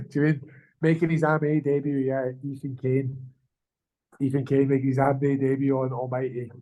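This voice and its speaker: Man, amateur fighter guest, rapid monotone delivery, profane and rambling. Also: mid-range voice, poor audio. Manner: fast, swearing, slangy, rambling. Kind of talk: casual interview chat.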